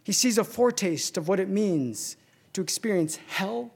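A man preaching a sermon, swinging from ringing emphasis to hushed near-whispers, with slow, deliberate repetitions. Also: high-pitched, lively intonation, creaky.

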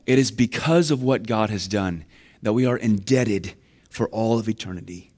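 A man's voice: fairly low pitch, moderate pace, darkish tone, slightly rough. A man preaching a sermon, earnest and building to emphatic questions. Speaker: pastor.

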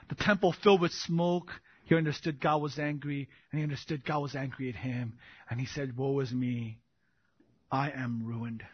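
A man preaching a sermon, swinging from hushed, slow passages to booming, impassioned declarations. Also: lo-fi sound.

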